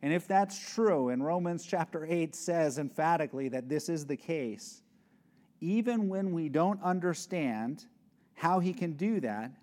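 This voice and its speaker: A middle-aged man preaching a sermon to his congregation, earnest and emphatic, slowing down to stress key words. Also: fairly high pitch, animated, darkish tone. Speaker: pastor.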